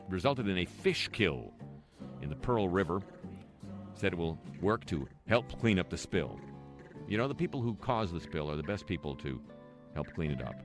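Host, male, very low voice, sardonic news commentary with dry asides, music underneath. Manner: dry, sarcastic asides between read-out news items. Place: home near a lake, voice-over.

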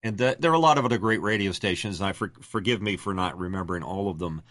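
An older man who works as a radio announcer and voiceover artist, from Delaware, talking in a deep, resonant announcer voice with lots of fillers. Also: fast, a bit bright, no echo, studio quality. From Delaware, USA. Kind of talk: casual interview.

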